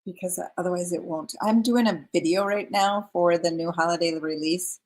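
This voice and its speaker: A woman with a lowish, darkish voice hosts a live craft stream at a moderate pace. She chats casually and reads viewer comments aloud.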